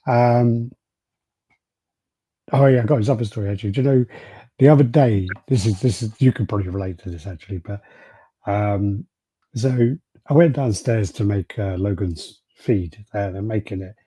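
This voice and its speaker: A man's voice: lowish voice, moderate pace, dark tone, slightly rough. Casual British man swearing through stories. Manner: storytelling, swears freely, laughs often. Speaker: podcast co-host. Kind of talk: casual chat.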